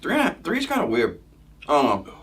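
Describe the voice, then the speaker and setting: A man's voice: on the high side, huge pitch swings, brisk, fairly bright tone, husky. A young man co-hosting a casual sports podcast, hesitant and full of ums. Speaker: podcast co-host. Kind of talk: casual sports betting chat.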